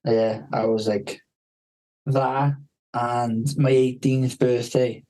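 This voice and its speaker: A man's voice: medium pitch, flat delivery, slow pace, dark tone, poor audio. A man telling a rambling story on a podcast, swearing constantly and acting out the people he quotes.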